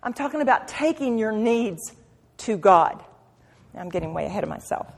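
A woman preaching a sermon at a women's meeting, impassioned, swinging from quiet asides to loud cries and repeating phrases for emphasis. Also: medium pitch, animated, moderate pace, creaky. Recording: long hall reverb.

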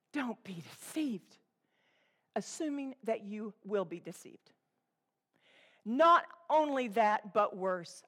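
A woman preaching a sermon to a congregation, swinging between loud exhortation and hushed, intense asides. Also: on the high side. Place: church room with a congregation.

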